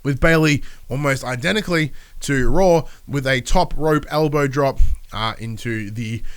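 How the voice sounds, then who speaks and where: This solo podcast host has a stuffy nose and feels ill, yet he rambles on with a casual weekly recap full of swearing and impressions of wrestlers' lines. He speaks unhurriedly in a clear, resonant, slightly bright mid-range voice.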